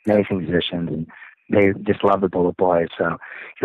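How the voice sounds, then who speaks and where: A man, a rock singer, telling stories as an interview guest, acting out other people's lines in excited, high voices. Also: quick pace, no room sound. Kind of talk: casual storytelling interview. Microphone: phone. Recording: tinny, dry phone line.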